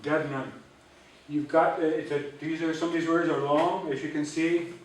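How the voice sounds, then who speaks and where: A man teaching an Ojibwe language class, patiently drilling syllables and repeating words slowly. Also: a little high, steady tone, a little hiss or hum. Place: library auditorium. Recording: echoey room, voice from a distance.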